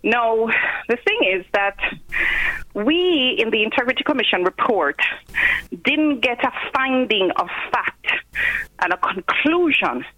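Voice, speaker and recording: A Jamaican woman, a guest commentator in a phone-in news interview, explaining things step by step with pauses. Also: fairly high pitch, very animated, pushed and bright, dull audio.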